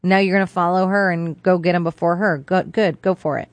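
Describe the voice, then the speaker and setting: A woman's voice: fairly low pitch, steady tone, a little fast, no room sound, faint music behind. A woman co-hosting a morning radio show, giving frank, blunt opinions in casual banter. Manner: frank, gives blunt verdicts.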